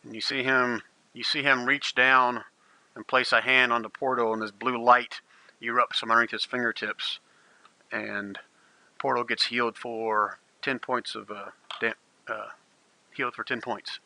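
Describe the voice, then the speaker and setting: A man in the game master's seat, narrating a tabletop battle with vivid, gleeful relish. His voice is very bright and forward. It sounds close and dry, with no room around it. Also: mid-range voice, little pitch movement, normal speed, vocal fry, no room sound, poor audio.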